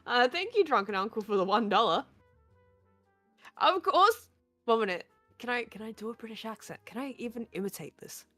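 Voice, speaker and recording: A woman's voice: fairly high pitch, lively intonation, normal speed, fairly bright tone, no room sound, faint music behind. A woman co-hosting a casual live stream, swearing freely and laughing at her own slip-ups. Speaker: co-host.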